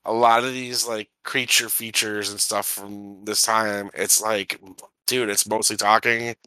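A man's voice: on the low side, level tone, a little slow, sharp tone, smooth, no echo. A man co-hosting a film podcast in casual chat, rambling with lots of filler words. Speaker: podcast co-host reviewing a film.

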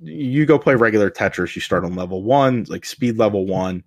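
A man with a very deep voice talks through a game in a relaxed, rambling way. He leans on fillers and restarts as he explains, and the sound is dry with no room around it. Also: normal speed, dry recording. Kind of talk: casual chat about video games.

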